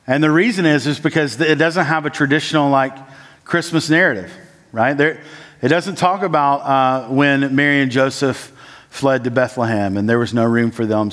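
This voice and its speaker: Heard through the long reverb of a church hall, a man preaches as a church planting resident, leaning often on "uh" and "like." His delivery swings between urgent, elevated moments and quiet, slow, low stretches.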